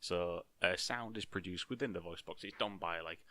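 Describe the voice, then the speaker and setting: A man's voice: low-pitched, normal speed, pushed and bright. A young man explaining a science topic in a casual, jokey way, with mock-boastful asides and playful heckles of himself. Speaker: science video host.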